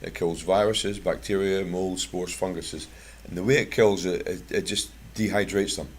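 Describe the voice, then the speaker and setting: A man's voice: low-pitched, fairly even intonation, normal speed, husky. A Scottish man from Scotland giving a chatty, plain-spoken talk to a bird club, mixing product advice with anecdotes. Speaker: guest speaker at a bird club.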